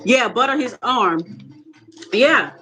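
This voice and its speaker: Profane, animated storytelling woman. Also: a little high, takes it slowly, over music, poor audio. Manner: animated, laughs often, heavy cursing. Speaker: tarot reader vlogger.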